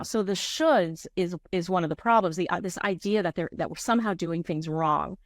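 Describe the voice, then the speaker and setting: Candid low-voiced grief counselor woman. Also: normal speed, few pauses, no room sound, clean studio sound. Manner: candid, searching, frequent restarts. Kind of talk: reflective interview answers.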